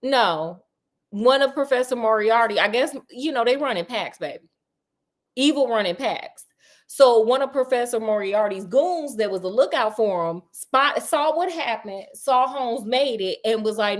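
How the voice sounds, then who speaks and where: A woman's voice: fairly high pitch, lively intonation, unhurried. A young adult woman hosting a casual retelling of a classic story, chatty, sassy and slangy, asking a listener questions. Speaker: storyteller host.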